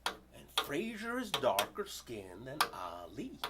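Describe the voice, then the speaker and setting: A man from the United States performing a spoken-word story poem, loud and expressive in his telling. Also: medium pitch, slow pace. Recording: loud background noise.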